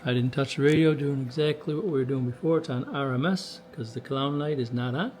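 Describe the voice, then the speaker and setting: A man's voice: medium pitch, a little fast, darkish tone. A man in a radio workshop giving casual commentary to a camera while testing and tuning a radio, in a folksy, chatty way. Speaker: CB radio technician.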